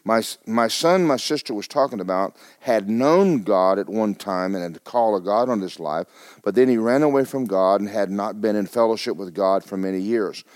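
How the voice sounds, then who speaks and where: A middle-aged man preaching a sermon as pastor, telling a personal story with stammering restarts and sudden swings between hushed and loud. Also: on the low side, moderate pace, dry recording, clean studio sound.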